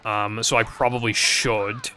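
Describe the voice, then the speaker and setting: A man's voice: lowish voice, flat delivery, measured pace, sharp tone, faint music behind. A young man chatting casually to his stream viewers, rambling and hesitant with frequent fillers and casual swearing.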